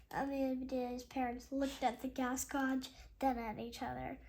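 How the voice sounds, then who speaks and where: A woman reading a children's chapter book aloud, slowly and carefully, with small slips and chatty asides between passages. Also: sits high, little pitch movement, creaky, a little mellow. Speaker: read-aloud host.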